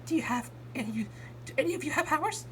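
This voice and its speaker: A woman voicing a curious, eager young living block that fires off excited questions. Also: high voice, a little hiss or hum, pitched above the performer's own voice. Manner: rapid-fire, excited questioning.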